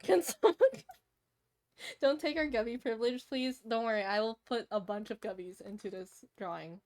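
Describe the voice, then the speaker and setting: A young woman streamer with a slightly high, faintly nasal voice. She chats loosely with her viewers as she draws, laughing often and answering them off the cuff. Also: fairly quick. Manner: chatty, laughs often, answers chat while drawing. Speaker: streamer drawing a commission. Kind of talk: casual live-stream chat.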